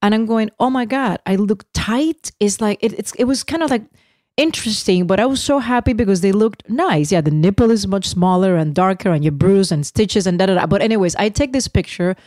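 A middle-aged woman co-hosting a podcast, telling a story in lively casual chat and laughing often. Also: mid-range voice, a little fast, dry recording, studio quality. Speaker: podcast co-host.

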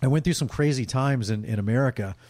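A middle-aged sportscaster telling emotional, candid stories in a casual interview, rambling with restarts. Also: male voice, medium pitch, fast talker, a little mellow, no room sound. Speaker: guest, sportscaster.

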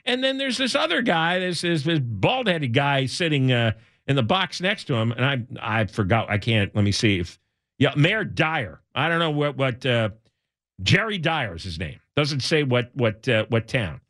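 Indignant high-pitched talk radio man. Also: big pitch swings, normal speed, bright, forceful tone, dry recording, studio quality. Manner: indignant, sarcastic, emphatic. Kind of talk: opinionated talk radio monologue.

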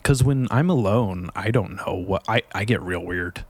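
Man, podcast host, low voice, playful and rambling, casual chat, faint clicks behind. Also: moderate pace, slight background noise. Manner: joking, mischievous, rambling.

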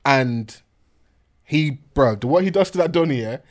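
A young man, co-hosting a podcast in slangy, animated casual chat and laughing often. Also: medium pitch, normal speed. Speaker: podcast co-host.

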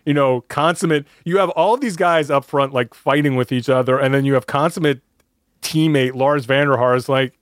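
A man's voice: moderate pace, no echo, studio quality. A man co-hosting a casual chat, telling a story with lots of energy and jumping into other people's voices when he quotes them. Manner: animated storytelling, acts out quotes with raised pitch. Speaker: podcast co-host.

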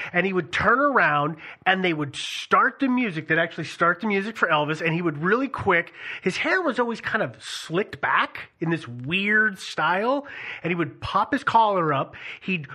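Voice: mid-range voice, expressive, moderate pace, bright, forceful tone. A podcast host talking casually, telling a story with frequent fillers and restarts. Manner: hesitant, many restarts and fillers.

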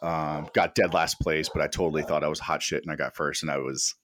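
Deep-voiced profane rambling man. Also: steady tone, fairly quick, a crowd in the background. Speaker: podcast guest. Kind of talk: casual chat.

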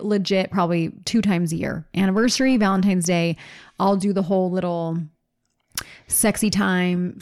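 A woman's voice: mid-range voice, a little mellow. Giggly, teasing woman chatting. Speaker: podcast co-host. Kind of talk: casual chat.

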